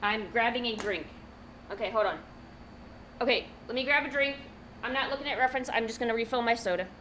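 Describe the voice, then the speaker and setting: Brief: young woman, high bright voice, giggly self-mocking streamer, faint room noise. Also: fast talker, rough recording. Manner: giggly, self-mocking, talks to her cat. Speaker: streamer drawing from memory. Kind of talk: casual chat while drawing.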